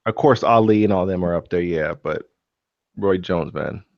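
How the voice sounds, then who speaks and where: A man's voice: low-pitched, normal speed, vocal fry, no echo, muffled recording. A man hosting a casual live stream chat, rambling with many fillers and restarts. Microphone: computer mic on a live stream.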